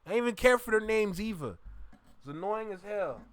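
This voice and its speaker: A man from Jamaica with a Jamaican accent, hosting a reaction video and chatting casually to viewers in an animated, repetitive way. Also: high voice, a little fast, no room sound. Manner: animated, repeats himself, talks to viewers directly.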